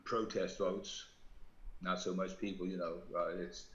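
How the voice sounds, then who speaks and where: A man with a fairly low voice talks politics in a loose, rambling way, full of "uh"s and restarts. He sounds roomy and dull, like lo-fi video call audio. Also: steady tone, unhurried. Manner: rambling, many fillers and restarts. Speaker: independent congressional candidate. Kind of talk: casual political discussion.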